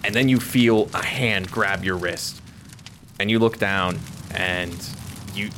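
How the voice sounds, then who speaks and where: A man running a tabletop game as game master, narrating the scene in a vivid, suspenseful way with pauses. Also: deep voice. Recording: noticeable background noise.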